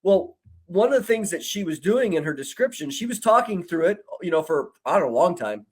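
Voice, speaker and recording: A man co-hosting a discussion, telling an animated story and acting out the dialogue he quotes. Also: high-pitched, a little fast, husky. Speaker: co-host. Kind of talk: conversational discussion.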